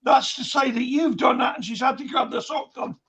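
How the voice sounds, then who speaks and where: A man with a very high-pitched voice breaks into a casual conversation. He throws in quick, knowing comments of his own. He sounds sure of himself and eager to explain. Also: steady tone, sharp tone, slightly rough. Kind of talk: casual chat.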